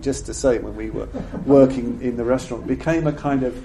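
An older man gives a reflective dharma talk to a gathered audience, speaking at a mid pitch. His delivery is halting and thoughtful, with frequent repeated words as he feels for the right phrasing. The room adds a roomy echo, and there is a faint background hiss. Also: steady tone, gravelly, warm tone. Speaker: Buddhist teacher giving a talk.

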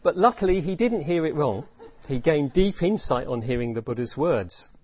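Husky guy giving a dharma talk, musing, lots of pitch swings, keeps asking isn't it. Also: animated, normal speed, darkish tone. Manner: reflective, repeats phrases, asks rhetorical questions. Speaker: dharma teacher.

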